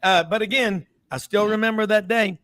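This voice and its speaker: A man's voice: sits high, moderate pace, fairly bright tone. A man hosting a casual sports talk show, telling rambling stories and doing the voices of the people in them. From Memphis, US South. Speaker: host.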